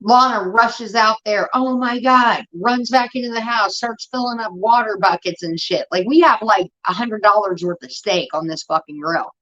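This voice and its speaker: A young woman telling rambling, profane stories in casual chat, getting animated as she retells them. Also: mid-range voice, normal speed, hardly any pauses. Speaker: show host. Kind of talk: casual storytelling rant. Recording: dull lo-fi stream audio.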